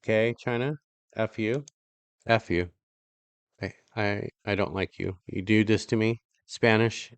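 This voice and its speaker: A man's voice: lowish voice, steady tone, measured pace, clean tone, no echo. A middle-aged man from California hosting a vlog, reacting to clips with rambling, sarcastic asides. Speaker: vlog host. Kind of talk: casual commentary reacting to clips.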